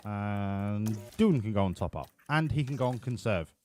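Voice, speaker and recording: A man's voice: lowish voice, expressive, normal speed, darkish tone, slight background noise. A man commentating his game livestream, joking and swearing as he banters with his chat. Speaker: streamer. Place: home room.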